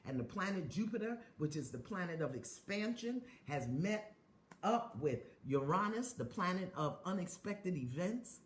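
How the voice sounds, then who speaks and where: Middle-aged woman from the United States, low and animated, chanting affirmations live and calling out to viewers. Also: moderate pace, reverberant. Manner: chanting affirmations, call-and-response exhortations; greets viewers by place, reads comments aloud. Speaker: spiritual teacher hosting a live stream. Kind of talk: live-streamed affirmation session.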